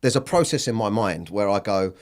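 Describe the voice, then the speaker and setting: A man's voice: on the low side, lively intonation, brisk. A man in his thirties, a comedian, talking bluntly in an interview, swearing freely and often restarting his sentences. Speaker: comedian guest. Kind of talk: candid interview talk.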